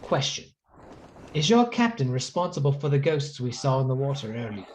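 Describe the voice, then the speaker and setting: A man's voice: medium pitch, very animated, normal speed, a little mellow, slight background noise, natural voice. A man speaking as a sly male cleric adventurer, wry and evasive, in a tabletop game. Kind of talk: tabletop role-play in character.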